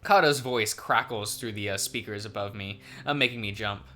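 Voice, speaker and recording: Bright-voiced hesitant let's play host. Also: male voice, on the low side, moderate pace. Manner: hesitant, many ums and uhs, giggly. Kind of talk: reading a visual novel aloud, casual chat.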